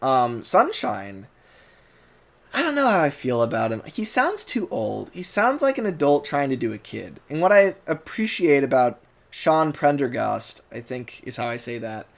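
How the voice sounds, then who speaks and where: A man's voice: mid-range voice, very animated, normal speed, vocal fry. A man with a General American accent, giving a rambling casual commentary as a YouTube reviewer, full of fillers and restarts. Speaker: YouTuber reviewing a cartoon dub.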